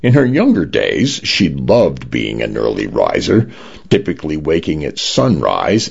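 Deep gravelly slow-reading man. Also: a little mellow. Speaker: radio story reader. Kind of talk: scripted narration. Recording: dull lo-fi radio broadcast.

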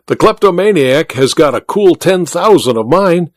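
A man's voice: on the high side, lively intonation, moderate pace, no echo, clean studio sound, voice pushed up, close to an everyday voice. A man voicing a bluff, hearty, wealthy male mining magnate in a story reading. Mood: jovial. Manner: boisterous, jovial, teasing.

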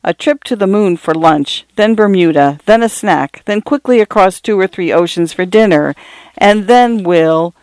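A reader voicing a tender, playful father in an audiobook, speaking gently. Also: mid-range voice, lively intonation, normal speed, clear, resonant tone, no room sound, close to an everyday voice. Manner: gentle, teasing. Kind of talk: audiobook character voice.

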